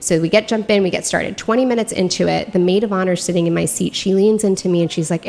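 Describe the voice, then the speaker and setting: A woman, a makeup artist and podcast guest, telling a story in a lively, casual way. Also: fairly low pitch, quick pace, creaky. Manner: animated, acts out quoted dialogue.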